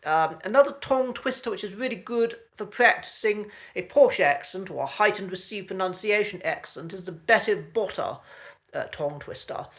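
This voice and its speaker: A man with a conservative received pronunciation accent, teaching in a chatty, genteel way with frequent ums and careful, slow recitation. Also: sits high, creaky, fairly bright tone. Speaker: accent coach. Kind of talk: casual online lesson.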